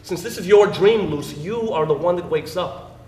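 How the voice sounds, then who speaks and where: An actor playing a gentle ghostly husband. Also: male voice, sits high, moderate pace, soft background music, lightly acted. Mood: soothing. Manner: soothing, playful, wistful. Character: dead husband's gentle, playful spirit in a dream. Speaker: stage actor. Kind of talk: live stage drama. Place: theater stage. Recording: roomy stage sound from a distant mic.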